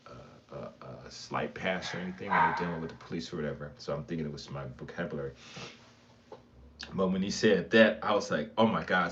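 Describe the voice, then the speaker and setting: A man's voice: low voice, fairly bright tone. A middle-aged man from Michigan telling a casual, rambling story to camera, full of fillers and laughs. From Michigan, USA. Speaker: vlogger. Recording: slightly dull lo-fi sound, faint background noise.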